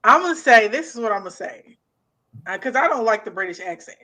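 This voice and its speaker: A woman's voice: on the high side, animated, a little fast, pushed and bright. A young adult woman co-hosting a casual chat, playful and slangy, with big laughs. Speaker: podcast co-host. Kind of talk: casual banter.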